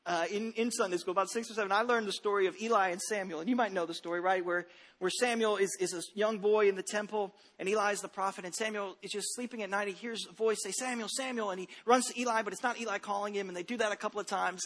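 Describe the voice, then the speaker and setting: A man's voice: sits high, steady tone, fast, a bit bright. A man in his thirties preaching a sermon from a church stage, chatty and humorous, telling stories with many restarts. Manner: conversational, humorous storytelling with frequent restarts. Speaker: pastor.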